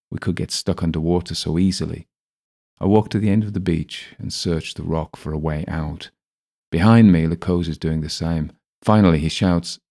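A man narrating a first-person audiobook in a steady, even way. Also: low-pitched.

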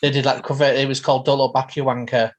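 A man's voice: mid-range voice, level tone, fast talker. A man co-hosting a casual podcast chat, enthusiastic and teasing. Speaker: podcast co-host.

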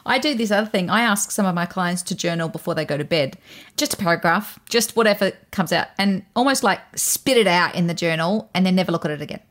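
A woman hosting an interview, who laughs often and acts out her clients' voices in lively swings. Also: lowish voice, quick pace. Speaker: podcast host and coach. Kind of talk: conversational interview.

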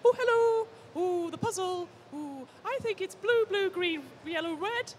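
Woman doing a super chirpy paladin lady, way up high, helpful to a fault, sing-songy and giggly. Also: animated, measured pace, slight background noise. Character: bubbly, overly helpful female paladin knight. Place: convention panel stage.

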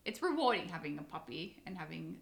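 A woman's voice: fairly low pitch, sing-song, fairly quick, creaky. A woman co-hosting a podcast in casual chat, swearing freely and laughing as she talks. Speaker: podcast co-host.

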